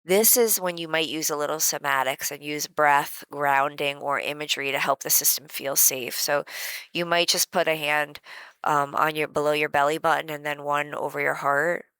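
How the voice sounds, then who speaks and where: A woman teaching a guided emotional self-help lesson in a gentle, conversational way, with many casual fillers. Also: low voice, fairly even intonation, moderate pace, clear, resonant tone, dry recording, low-quality recording.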